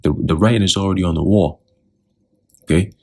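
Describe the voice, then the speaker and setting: A man's voice: deep voice, fairly even intonation, brisk, gravelly. A man teaching scripture in a loose, talkative way, often putting questions to the listener.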